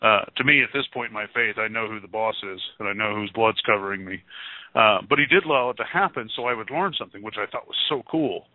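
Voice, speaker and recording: A man on a call-in show, telling a religious testimony in a rambling, excited way with many restarts. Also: lowish voice, fast talker, no echo. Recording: tinny phone-line radio sound.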